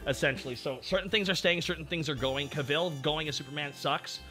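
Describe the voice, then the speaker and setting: A man hosting a casual stream chat, talking excitably and swearing freely. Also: on the high side, a little fast, soft background music. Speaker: streamer host.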